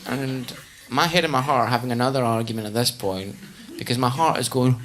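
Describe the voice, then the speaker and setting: A man with a Glasgow Scottish accent doing stand-up, telling stories in an animated, laughing way. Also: mid-range voice, a little fast. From Scotland. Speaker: stand-up comedian. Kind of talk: stand-up comedy. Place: comedy club stage.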